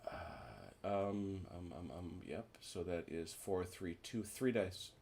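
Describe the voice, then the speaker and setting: A man's voice: deep voice, takes it slowly, a little mellow. A man hosting a board wargame session in casual chat, thinking aloud and correcting himself as he goes. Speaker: game host running the board game session.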